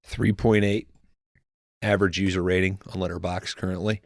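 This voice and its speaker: A man's voice: sits low, flat delivery, normal speed, vocal fry, no echo, studio quality. A man co-hosting a podcast, making joking, profane wisecracks in casual chat. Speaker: podcast co-host.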